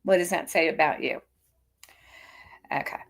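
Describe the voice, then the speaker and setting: A woman's voice: deep voice, unhurried, vocal fry. Sarcastic woman in her fifties streaming. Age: 50s. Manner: sarcastic, mocking, talks straight at her critic. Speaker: livestream host. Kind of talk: casual reaction stream.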